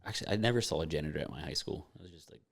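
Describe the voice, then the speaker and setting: Fast-talking deep-voiced podcast host. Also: male voice, animated, creaky. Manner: joking, blunt questioner. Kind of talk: casual podcast interview.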